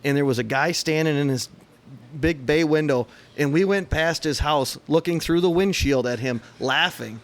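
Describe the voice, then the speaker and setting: A man's voice: fairly high pitch, moderate pace. A man from Michigan with a Michigan accent, co-hosting a casual car podcast in a laid-back way with dry humor. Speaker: podcast co-host. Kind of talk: casual chat.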